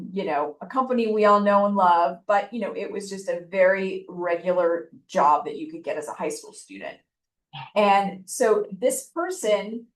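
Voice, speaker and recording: A woman giving informal admissions advice in a chatty way, with frequent fillers. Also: mid-range voice. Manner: chatty, with frequent ums and likes. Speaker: law school admissions speaker. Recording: echoey room, voice from a distance.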